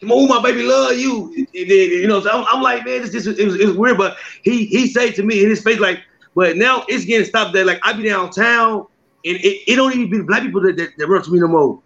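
A man with a high, bright voice tells stories in a relaxed interview, acting out the voices he quotes and laughing often. The recording is slightly muffled and lo-fi. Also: fairly quick, creaky. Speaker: comedian and skit maker. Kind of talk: casual interview.

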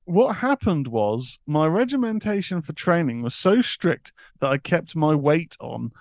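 A man's voice: fairly high pitch, big pitch swings, unhurried, gravelly, darkish tone, no room sound, clean studio sound. A man co-hosting a podcast, reading news items aloud and laughing often. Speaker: co-host. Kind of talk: casual chat, reading news.

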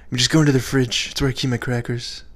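Young host, game master, casual comedic narration, laughs a lot, average pitch. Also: male voice, little pitch movement, racing. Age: young adult.

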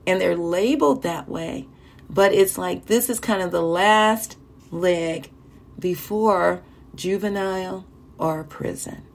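A woman's voice: lowish voice, slow pace, vocal fry. A woman giving an earnest testimony at church, retelling people's stories with heartfelt urgency. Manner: earnest storytelling, acting out quoted people. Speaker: church speaker. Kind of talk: testimony sermon.

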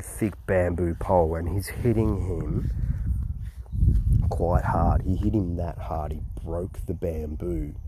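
A man with an Australian accent telling a travel story in a rambling way, swearing often and restarting sentences. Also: low-pitched. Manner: rambling and profane, with many restarts. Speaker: travel vlogger. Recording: noisy recording with clicks. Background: steady background noise.

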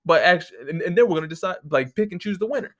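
A man's voice: high voice, animated, very fast. A man hosting a podcast, ranting casually in a profane, exasperated way, close to the microphone. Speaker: podcast host.

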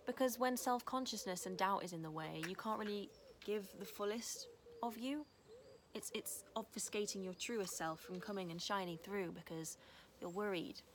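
A woman's voice: medium pitch, moderate pace. A young woman talks into her camera in a loose, earnest, rambling way. She drifts between reflective thoughts and sweet baby talk to a little dog. A faint hiss sits under the recording. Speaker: vlogger. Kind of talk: casual spiritual vlog. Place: house, indoors and outdoors with dogs.

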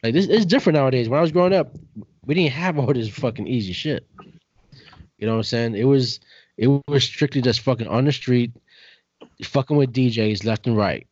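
A man's voice: medium pitch, a little fast, a little mellow, slightly rough, no room sound. A man hosting a casual podcast chat, laid-back and profane, checking in with his listener constantly. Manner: laid-back, profane, keeps saying "you know what I'm saying". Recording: dull, dry lo-fi recording.

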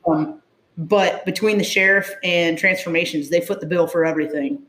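A woman's voice: fairly low pitch, fairly even intonation, moderate pace, a bit bright. A woman first responder telling her story in an interview, blunt and emotional, with plenty of swearing. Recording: echoey room.

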